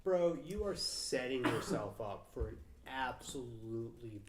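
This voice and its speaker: A man's voice: medium pitch, lively intonation, a little slow, crowd noise. A young man co-hosting a casual film chat podcast, rambling and swearing, with lots of fillers. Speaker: podcast co-host. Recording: roomy echo.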